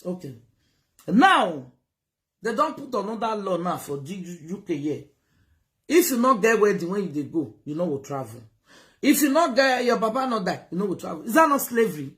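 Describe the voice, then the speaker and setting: A woman with a Nigerian Pidgin accent giving advice in a casual talk, animated and lecturing, switching between Pidgin and English. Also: medium pitch, normal speed. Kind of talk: casual live-stream talk. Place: United Kingdom.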